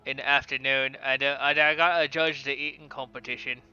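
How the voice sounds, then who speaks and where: A man voicing a dim, boastful male athlete in a tabletop game, with a lowered dopey drawl. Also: level tone, brisk, bright, forceful tone, smooth, lo-fi sound, soft background music.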